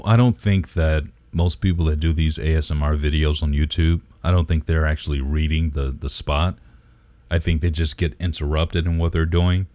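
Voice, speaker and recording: A man's voice: a bass voice, a little mellow, no echo. A man co-hosting a podcast, talking in an emphatic, preachy way with casual swearing. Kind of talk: casual chat.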